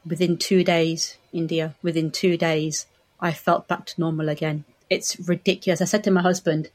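A woman's voice: low-pitched, level tone, moderate pace, a little mellow. Chatty perimenopausal woman optometrist. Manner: chatty, laughs while telling stories. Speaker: optometrist guest. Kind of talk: podcast conversation.

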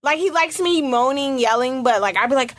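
A young woman co-hosting a podcast, loud and profane, laughing often in raunchy casual chat. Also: high voice, animated, a little fast. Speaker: podcast co-host.

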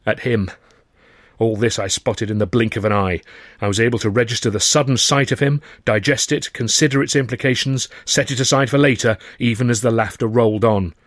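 A man's voice: medium pitch, steady tone, fairly quick, a bit bright, no echo. A man reading his own novel aloud, narrating with dry, wry timing and acting the dialogue. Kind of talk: audiobook narration.

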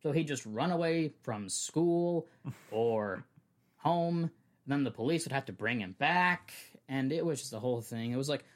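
A man's voice: medium pitch, expressive, normal speed. A young adult man hosting a podcast, telling a true story in a chatty way with frequent restarts. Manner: chatty, restarts often, laughs along. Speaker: podcast host.

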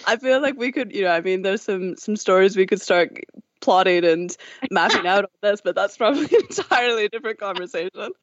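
A woman guest on a podcast, answering in a measured, explanatory way with frequent fillers. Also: mid-range voice, expressive, no room sound, highs cut off. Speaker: podcast guest, sexual wellness founder. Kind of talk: conversational interview answers.

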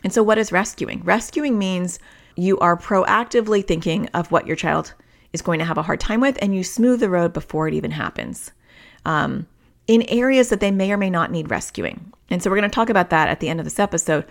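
A woman's voice: lowish voice, fairly quick, creaky. A woman hosting a parenting podcast, a therapist talking through everyday examples in a casual, conversational way. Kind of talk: casual solo podcast talk.

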